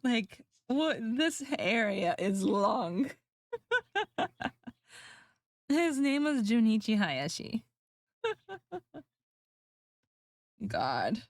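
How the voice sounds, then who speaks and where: A woman's voice: fairly high pitch, very animated, very slow, long pauses, dry recording. A woman streamer chatting casually with her viewers, laughing often and mocking herself. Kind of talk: casual livestream chat.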